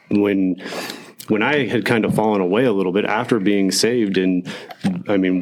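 Podcast cohost dude, low-ish voice, chatty and animated, tells stories. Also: male voice. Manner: animated storytelling, acts out quotes. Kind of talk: casual faith podcast chat.

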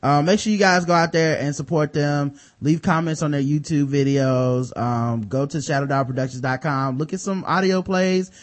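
A man's voice: a little high, moderate pace, hardly any pauses. A man hosting a podcast in casual chat, reading sponsor spots in a loose, jokey, profane way with lots of fillers. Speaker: podcast host.

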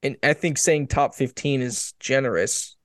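A man's voice: medium pitch, moderate pace, a bit bright, no echo, studio quality. A man chatting casually about sports, rambling and restarting his sentences with emphatic bursts.

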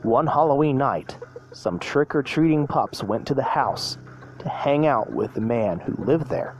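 A man reading aloud in a fan storybook, voicing an older male cafe owner who tells a spooky legend in a low, hushed delivery. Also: lively intonation, unhurried. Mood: ominous.

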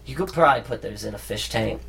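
A man's voice: on the low side, quick pace, creaky, crowd noise. A man co-hosting a podcast in crude casual chat, dry and matter-of-fact as he teases. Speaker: co-host.

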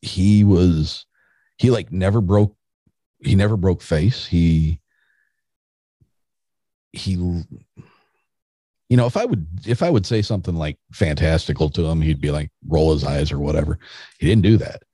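A man's voice: low voice, measured pace, long pauses, warm tone, breathy edge, no echo. A middle-aged man, a podcast guest, telling a story in a rambling casual way with restarts.

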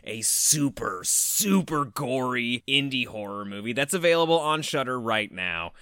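A man's voice: medium pitch, animated, measured pace, bright, forceful tone, clear, resonant tone, no room sound, clean studio sound. A man from Canada co-hosting a horror podcast, chatty and joking, laughing easily. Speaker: podcast co-host. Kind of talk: casual podcast chat.

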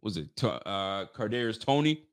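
A man with a lowish, clear, resonant voice at normal speed runs a casual live sports talk show. He addresses viewers directly in an excitable, emphatic way, often starting his sentences over.

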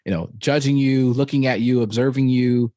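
Animated man in casual podcast chat. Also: medium pitch, moderate pace, dry recording, clean studio sound. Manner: animated storyteller, frequent fillers, laughs while talking. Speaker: podcast co-host.

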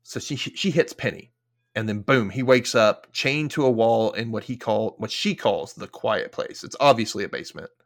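A man's voice: lowish voice, moderate pace. A man hosting a podcast, casually recapping a TV episode in a chatty way, full of filler words and casual swearing. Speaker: podcast host.

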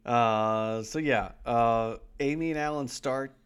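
A man's voice: medium pitch, slow pace, clean tone. A man co-hosting a casual rewatch podcast, rambling and laughing as he retells scenes. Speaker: podcast co-host.

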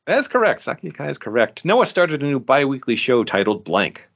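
A man running a quiz show whose voice rises and falls as he reads out each question. He keeps a quick, amused pace as he marks the answers correct. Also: mid-range voice, sing-song, creaky, fairly bright tone, breathy edge. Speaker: quiz host. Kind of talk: reading trivia questions, podcast.

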